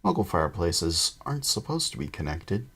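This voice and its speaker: Guy doing a vague rambly wizard dad, bit husky, low, storybook reading. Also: very animated, moderate pace, fairly bright tone, full character voice. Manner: distracted, rambling. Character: vague, cheerful middle-aged wizard father. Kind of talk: audiobook reading.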